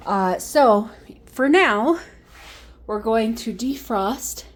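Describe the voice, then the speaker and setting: A woman's voice: a little high, lively intonation, drawn-out words. A woman vlogging casually while she cooks in her home kitchen, thinking aloud with lots of fillers and trailing off mid-thought. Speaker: cooking vlogger. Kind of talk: casual cooking vlog chat.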